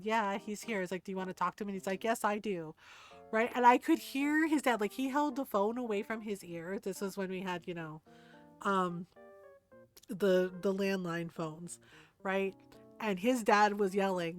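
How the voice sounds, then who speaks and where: A middle-aged woman streamer chatting casually while gaming and telling a personal story candidly, swearing freely and laughing often. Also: mid-range voice.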